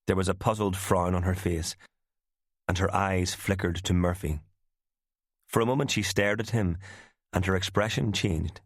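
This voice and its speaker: A man narrating a thriller audiobook in a measured storytelling manner. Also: low-pitched, steady tone, dry recording, studio quality.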